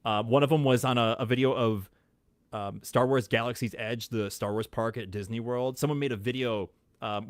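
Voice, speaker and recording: A man's voice: lowish voice, no echo, studio quality. A man hosting a podcast in casual chat, telling stories with lots of fillers and hesitations. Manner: hesitant, filler-heavy storytelling. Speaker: podcast host.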